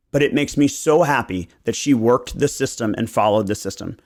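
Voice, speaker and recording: Man, podcast host; animated, profane storyteller who mimics clients. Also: medium pitch, moderate pace. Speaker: real estate agent and podcast host. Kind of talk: casual podcast chat.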